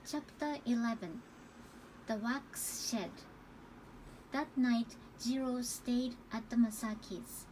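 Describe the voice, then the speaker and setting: A woman reading a novel aloud as calm, careful narration. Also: on the high side, slow, a little hiss or hum, rough recording. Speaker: audiobook reader.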